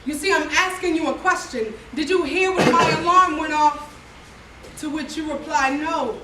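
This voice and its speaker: A woman's voice: sits high, normal speed. A woman poet performing spoken word poetry with rhythmic, repeating refrains. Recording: echoey room from far off, faint noise.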